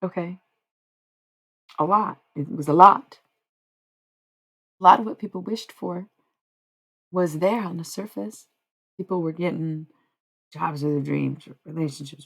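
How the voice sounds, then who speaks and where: A woman with a low, husky voice full of gravelly fry chats loosely on her livestream. She rambles, swears casually and lets her sentences trail off into "blah, blah" filler. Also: a little slow, pauses often. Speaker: livestream host.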